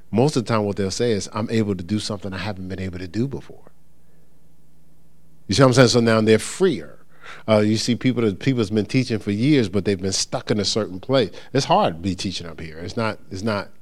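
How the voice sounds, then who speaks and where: A middle-aged pastor with a lowish voice gives an informal teaching talk to his congregation, relaxed and conversational. He's animated, acts out the voices of churchgoers and callers, and checks in with listeners often.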